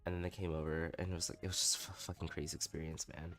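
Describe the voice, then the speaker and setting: A young man with a very low voice chats on his livestream, candid and self-mocking, swearing freely as he tells stories. Soft music plays faintly behind him. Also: flat delivery, racing. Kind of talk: casual storytelling stream.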